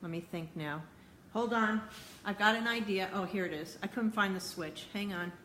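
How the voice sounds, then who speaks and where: Her medium-pitched voice sounds pushed and bright at a moderate pace, with slight background noise behind it. A woman running a live cooking stream at home grumbles and frets while trying to fix her camera, muttering to herself in a flustered way, recorded through a phone or tablet camera mic.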